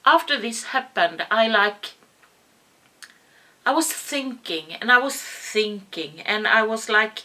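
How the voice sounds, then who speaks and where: Bright-voiced woman telling a personal story. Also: a little high, animated. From Sweden. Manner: halting, repeats words, rises to yelling when quoting herself. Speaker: vlogger.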